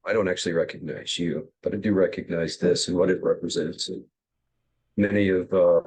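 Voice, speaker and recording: A man playing a character in a tabletop game. He speaks in a measured way, partly in character. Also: deep voice, steady tone, a little mellow, breathy edge. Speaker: player.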